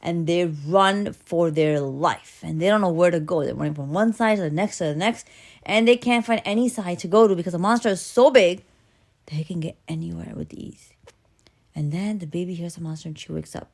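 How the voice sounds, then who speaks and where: A woman telling an original children's story in a playful, animated way, swinging between hushed and loud. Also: lowish voice, fairly quick, creaky.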